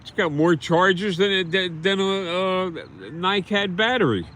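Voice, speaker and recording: A man's voice: sits high, slow pace, a bit bright, a little hiss or hum. Bitter ranting man on a livestream. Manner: bitter, scornful, repeats himself. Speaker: livestream host.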